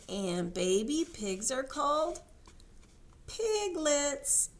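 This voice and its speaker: A children's librarian reading a storybook aloud to small children in a sing-song way, making animal noises. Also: female voice, medium pitch, very animated, slow.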